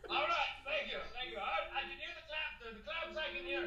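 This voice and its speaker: A man's voice: very high-pitched, heavy reverb, distant mic. A man doing a stand-up comedy set over a video call, firing off crude one-liner jokes. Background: faint accordion music.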